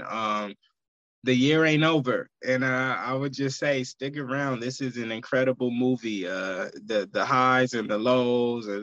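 A man's voice: medium pitch, a bit bright, dry recording. Man, podcast guest, laid-back casual talk, muffled dull sound, dry. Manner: laid-back, easygoing, with fillers. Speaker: guest musician. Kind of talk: casual chat.

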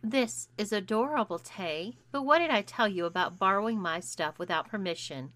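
A woman reading an audiobook, voicing an amused older sister who teases in an offhand, bright manner. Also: mid-range voice, animated, moderate pace, dry recording, natural voice. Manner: teasing, offhand.

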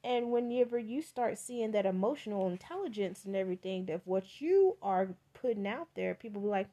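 A woman's voice: medium pitch, lively intonation, brisk, few pauses, mellow. Woman, tarot reader, casual podcast delivery, emphatic and a bit profane, mid-range voice. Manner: chatty, emphatic, loose and profane; repeats words for emphasis.

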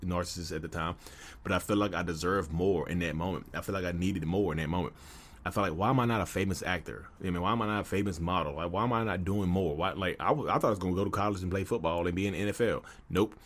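A man's voice: low-pitched, slight background noise. A man in his thirties tells his own story in a candid, conversational way, full of "you know" fillers. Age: 30s. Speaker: podcast host. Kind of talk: personal storytelling monologue.

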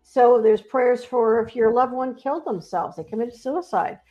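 A woman's voice: on the high side, moderate pace, soft background music. Earnest woman telling stories, lo-fi sound. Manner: earnest, animated storytelling with quoted voices. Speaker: spiritual medium guest. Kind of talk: casual interview storytelling.

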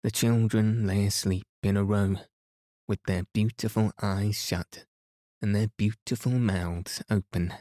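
A man reading a bedtime story aloud in a soothing, unhurried way. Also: on the low side, fairly even intonation, dark tone, no room sound, clean studio sound. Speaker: sleep podcast reader.

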